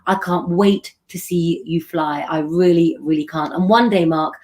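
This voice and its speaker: A middle-aged woman with a slightly low voice chats warmly and loosely on a live stream. She calls viewers by name and drifts between friendly asides and tarot readings. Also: steady tone, unhurried. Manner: chatty, affectionate, reads out viewer comments. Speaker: astrologer and tarot reader hosting a live stream.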